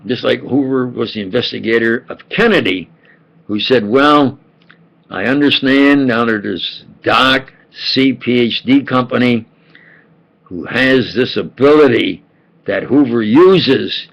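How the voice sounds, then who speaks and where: A man's voice: medium pitch, unhurried, vocal fry. An older man telling a meandering personal story, full of fillers and restarts. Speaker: vlogger. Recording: dull lo-fi home recording.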